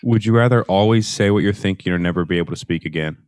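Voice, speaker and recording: Male co-host, very low voice, brisk reading, dry close sound. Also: darkish tone, no room sound. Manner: reads questions out quickly and plainly. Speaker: podcast co-host reading game questions. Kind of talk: casual comedic banter.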